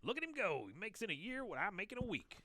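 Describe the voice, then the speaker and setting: A man's voice: high-pitched, big pitch swings, quick pace, sharp tone, dry recording, pitched above the performer's own voice, heavily acted. A man voicing a boastful, reckless middle-aged boss in a cartoon recap. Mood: gloating.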